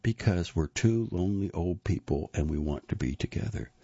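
A man reading an audiobook, voicing a tired, stubborn older mother who talks plainly and defends herself quietly. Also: low-pitched, animated, moderate pace, slightly rough, no room sound, muffled recording, heavily acted.

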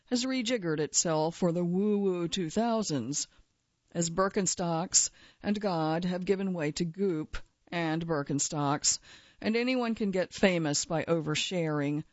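A woman's voice: lowish voice, unhurried, no echo, dull audio. A woman journalist telling a first-person feature story in a wry, dry way. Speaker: journalist narrator.

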